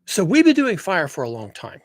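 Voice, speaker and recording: Man, casual monologue, emphatic and rambling, fairly high voice. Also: a little fast, no room sound. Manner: animated, emphatic, rambling with restarts. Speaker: commentator on climate and human nature.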